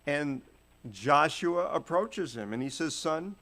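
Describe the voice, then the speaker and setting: A man leading a Bible lesson at an unhurried, deliberate pace. His voice sits at an ordinary middle pitch, and he retells the old stories in relaxed everyday words. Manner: retells scripture in casual modern phrasing. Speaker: Bible teacher. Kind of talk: Bible study teaching.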